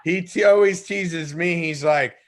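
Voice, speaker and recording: A man's voice: a little high, unhurried, a crowd in the background. A man hosting a casual chat, with a blunt, teasing way of talking. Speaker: podcast host.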